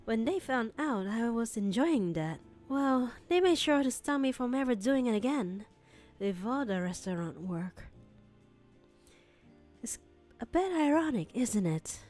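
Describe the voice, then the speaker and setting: A woman's voice: on the high side, a little slow, soft background music. A woman voicing a polite, formal wealthy young man with a put-on British accent, reading a script for voice acting practice. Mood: rueful. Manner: courteous, formal, gently flattering.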